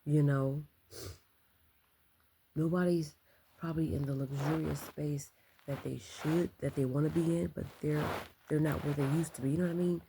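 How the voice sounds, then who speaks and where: A woman talking in a casual late-night vlog, keeping her voice low and soft, reflective and full of ums and likes. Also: fairly even intonation, normal speed, pauses often, background noise. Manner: speaking softly and low to keep quiet. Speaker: vlogger.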